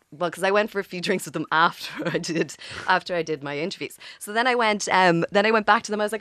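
A woman's voice: fairly low pitch, rapid-fire, few pauses, a bit bright, no echo. A woman hosting a casual chat and telling rambling stories that quote other people.

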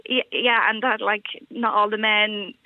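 A woman's voice: medium pitch, fairly even intonation, measured pace, no echo. A young Irish woman calling in to a radio show, chatting casually with frequent laughs and yeahs. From Ireland. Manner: casual, giggly, says yeah a lot. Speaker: radio caller. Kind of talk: phone-in radio chat. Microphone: telephone. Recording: muffled phone line.

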